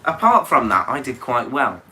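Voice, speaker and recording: A man's voice: mid-range voice, very animated, moderate pace, sharp tone, a little hiss or hum. A young man, co-hosting a casual live stream in a wry, slightly posh, defensive manner.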